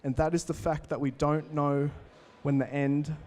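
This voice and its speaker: Young Aussie keynote speaker, twenties, upbeat storyteller with a slightly high voice who works the crowd. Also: male voice, normal speed. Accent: Australian. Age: 20s. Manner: energetic, storytelling, addresses the crowd directly. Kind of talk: motivational talk to a live audience.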